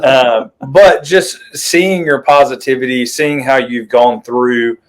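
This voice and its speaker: A man's voice: medium pitch, slow pace. A man co-hosting a podcast, joking and encouraging the guest in a casual chat. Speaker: podcast co-host.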